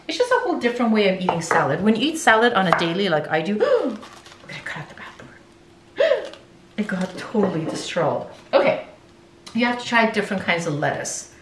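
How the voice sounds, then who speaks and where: A woman's voice: mid-range voice, background noise. A middle-aged woman, a dentist, talking straight to her viewers in a playful, chatty way while she cooks at home. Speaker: dentist and cooking vlogger. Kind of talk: casual cook-along vlog. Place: home kitchen. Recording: roomy, from a distance.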